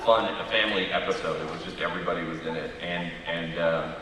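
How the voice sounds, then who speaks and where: A man's voice: low-pitched, steady tone. A man who is a TV writer-producer chatting and joking on a fan convention panel. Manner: joking, quick asides, trailing off. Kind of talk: casual panel chat. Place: large convention hall. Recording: echoey hall from far off with crowd noise.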